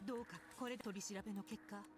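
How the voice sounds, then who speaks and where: A woman voicing an earnest young female detective in a video game, speaking in a polite, measured, formal way. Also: mid-range voice, steady tone, natural voice. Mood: serious. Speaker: game character. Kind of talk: Japanese game voice acting. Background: game music.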